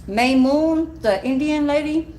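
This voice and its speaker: A woman who works at a care home, telling a casual, animated story. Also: high-pitched, takes it slowly, slight background noise. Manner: gossipy, animated, swears and laughs while telling.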